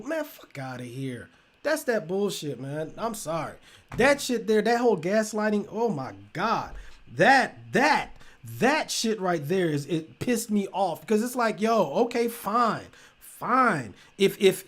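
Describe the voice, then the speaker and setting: A man hosting a show, ranting heatedly and with heavy profanity in casual commentary. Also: high-pitched. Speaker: show host.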